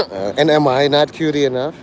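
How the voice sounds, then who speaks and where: A man's voice: fairly high pitch, expressive, moderate pace, slight background noise. A man livestreaming to a chat, rambling crudely from joke to joke and breaking into laughter. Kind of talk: rambling live-stream chat.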